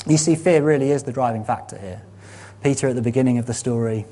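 Husky-voiced man preaching earnestly. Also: medium pitch, fast talker. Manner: earnest, emphatic, rising to animated exhortation. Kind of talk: sermon.

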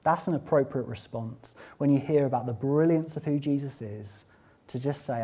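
A man preaching a sermon, swinging between loud, fervent exclamations and quiet, conversational asides. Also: medium pitch, moderate pace, breathy edge. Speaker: pastor.

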